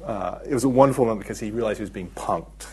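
A middle-aged man, a documentary filmmaker, giving a thoughtful interview and explaining his ideas with frequent pauses and fillers. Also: fairly low pitch, breathy edge. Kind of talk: reflective interview talk.

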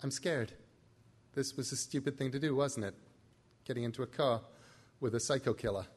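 A jittery, sharp-tongued young woman, read by a man who rambles and piles up emphatic lists. She talks in a quick spill of thoughts and swears when she's scared, in a plain storybook reading. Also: medium pitch, a little hiss or hum, close to an everyday voice.

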